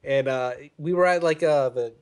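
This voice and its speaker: A man's voice: a little high, normal speed, clean tone. Man laughing through a story. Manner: laughs through stories, swears. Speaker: podcast co-host. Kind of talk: casual chat.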